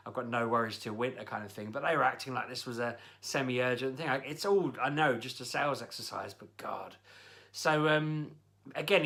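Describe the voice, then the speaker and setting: Exasperated man, sharp bright voice. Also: mid-range voice, gravelly. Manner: exasperated, grumbling storyteller. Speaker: vlogger. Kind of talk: casual spoken rant.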